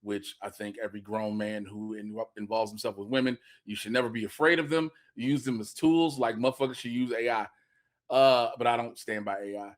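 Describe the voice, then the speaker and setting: A man's voice: on the low side, fairly even intonation, a little fast. A man co-hosting a podcast in emphatic, wry casual chat. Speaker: podcast co-host.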